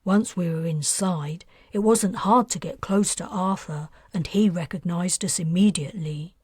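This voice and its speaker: Woman doing an earnest teen boy, a bit lower, breathy, explains himself at length. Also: normal speed, darkish tone, dry recording, studio quality. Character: bold teenage boy, earnest and clever. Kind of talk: audiobook character voice.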